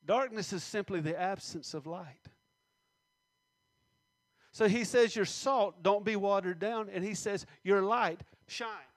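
A man preaching a sermon, reading scripture slowly and stressing words, with many questions to the congregation. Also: sits high, no room sound.

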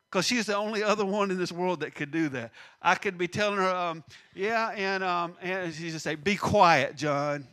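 Bright-voiced preacher man. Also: sits high. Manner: animated, acts out scripture voices, drops to near-whisper at times. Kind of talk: sermon.

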